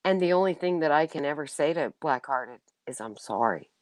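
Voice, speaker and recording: A middle-aged woman hosts a casual livestream chat, talking to viewers in a low voice, a little fast, with no room sound. She's warm and emotional, laughs often, and restarts her sentences.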